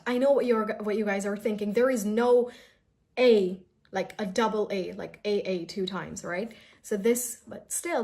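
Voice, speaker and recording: A woman's voice: medium pitch, expressive, a little mellow. Woman as online English tutor, talks directly to viewers, repeats words for them to copy. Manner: coaching, repeats words slowly for learners to echo. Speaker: English pronunciation teacher. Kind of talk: online pronunciation lesson.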